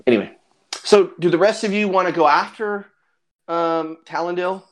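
A man's voice: high voice, moderate pace. A man narrating a tabletop game as game master, rambling with fillers and laughing often.

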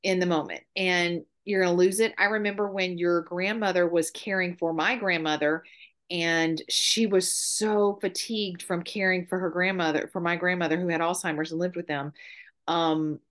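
A woman's voice: lowish voice, steady tone, moderate pace, fairly bright tone. A middle-aged woman, a guest on a podcast, telling heartfelt stories in earnest. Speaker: guest, mother. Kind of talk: casual conversation.

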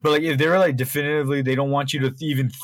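A man's voice: a little high, fairly even intonation, very fast, no room sound. A man co-hosting a podcast, chatting casually, rambling with lots of fillers and swearing freely. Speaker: podcast co-host. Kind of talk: casual chat.

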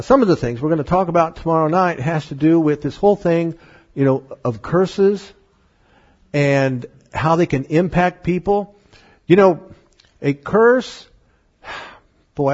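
Animated husky-voiced man preaching. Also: fairly high pitch, lo-fi sound. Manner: animated, acts out voices in stories, laughs often. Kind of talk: sermon. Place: church meeting room.

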